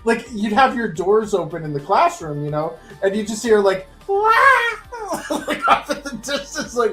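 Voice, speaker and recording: A man's voice: high voice, big pitch swings, a little slow, hardly any pauses, music in the background. A man on an online panel call, telling a casual story with lots of laughter and acted-out voices and sound effects. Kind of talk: casual group chat.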